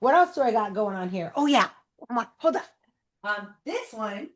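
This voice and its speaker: A woman hosting a show, chatting casually and bubbling over as she unboxes gifts, full of quick asides. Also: fairly high pitch, sing-song. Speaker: host.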